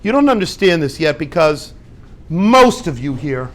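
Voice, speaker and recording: A man giving an informal Torah talk to a group, lively and conversational, acting out little dialogues and dropping Hebrew and Yiddish words. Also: on the high side, a little slow. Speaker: rabbi teaching a class.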